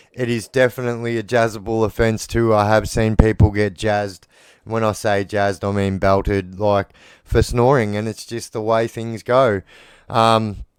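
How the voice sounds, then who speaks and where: A man's voice: fairly low pitch, clean tone, dry recording, studio quality. An Australian man in casual monologue, bluntly rambling about prison life and swearing freely. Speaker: former prisoner telling stories.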